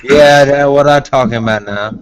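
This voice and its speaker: A man's voice: mid-range voice, moderate pace, slight background noise. A man in casual voice chat, joking, swearing and needling the others. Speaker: voice chat participant.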